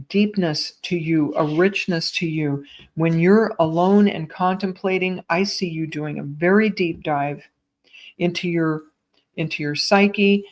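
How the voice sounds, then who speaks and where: A woman giving live psychic readings to online viewers in a gentle, reassuring way, calling them sweetheart and my dear. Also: fairly low pitch. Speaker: psychic medium.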